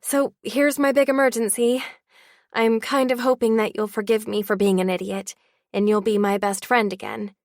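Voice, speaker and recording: A woman's voice: fairly high pitch, level tone, normal speed, no echo, studio quality, natural voice. Holly, a woman voicing a pleading teen girl. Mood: earnest. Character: teenage girl, heartfelt and apologetic.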